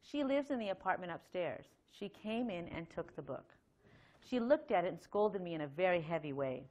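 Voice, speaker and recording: In dull audio, a middle-aged woman with a somewhat low, slightly mellow voice delivers a Sunday temple lecture at normal speed. Her intonation is lively, and she chats with frequent fillers and light laughs before reading out a lengthy letter.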